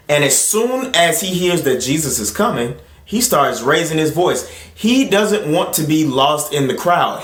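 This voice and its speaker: A man hosting his own channel, reading scripture and then preaching in a casual, conversational way, jumping up in pitch when he acts out other voices. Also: a bit bright, roomy sound. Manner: rises in pitch to act out crowd voices; conversational, with fillers and restarts. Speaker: host and preacher.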